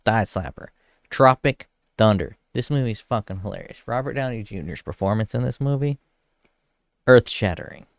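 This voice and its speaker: A man's voice: on the low side, smooth, dry recording, studio quality. A young man ranking comedies in a casual, profane rant, blunt and crude. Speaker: video host ranking films.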